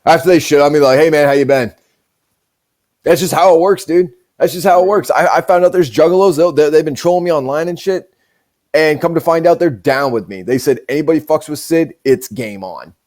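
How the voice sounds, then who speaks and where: A man's voice: fairly high pitch, fairly quick, a little mellow. A man hosting a podcast, telling stories in a casual, profane, rambling way. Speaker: show host.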